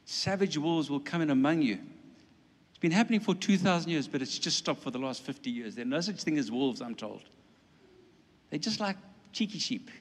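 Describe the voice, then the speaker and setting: A man preaching a sermon in an animated way, with playful asides and acted-out quotes. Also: on the high side, a little fast, slightly rough. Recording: long hall reverb.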